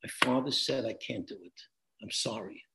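A man voicing a young man who quietly and hesitantly backs out of a promise. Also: mid-range voice, normal speed, vocal fry, pitched below the performer's own voice. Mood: apologetic. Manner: hesitant, subdued.

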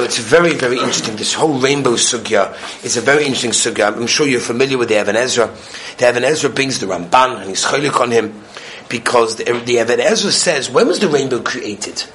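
In his lesson on the week's Torah portion, this teacher narrates stories energetically, alternating between loud enthusiasm and quiet near-whispers. He has a mid-range voice, and the recording carries a slight hiss or hum.

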